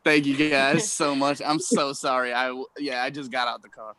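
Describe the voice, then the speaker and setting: A man's voice: medium pitch, flat delivery, moderate pace, a loud crowd. A man, a stand-up comedian, chatting in a rambling, self-mocking way over a video call from his apartment. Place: apartment room at home.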